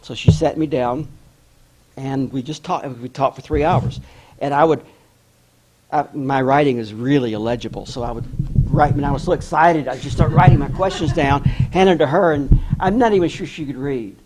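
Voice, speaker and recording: During a talk, an author with a mid-range voice tells a story at normal speed, acting out each person he quotes with animated flair. There's background noise.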